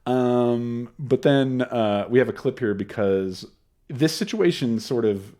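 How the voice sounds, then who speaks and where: A man's voice: medium pitch, slow, mellow. A man co-hosting a podcast, chatting casually and laughing, who drops into goofy voices now and then. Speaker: podcast co-host. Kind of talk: casual chat.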